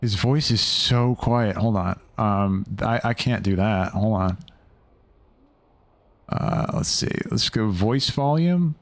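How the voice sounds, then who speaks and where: A young man hosting a live gaming stream, his voice sitting low as he rambles through loose, casual commentary. He swears offhandedly and keeps talking while he plays. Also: slow.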